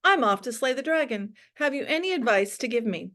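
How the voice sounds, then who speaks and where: A woman's voice: on the high side, animated, brisk, fairly bright tone. A woman playing a cocky, clever young man. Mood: eager. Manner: polite, eager.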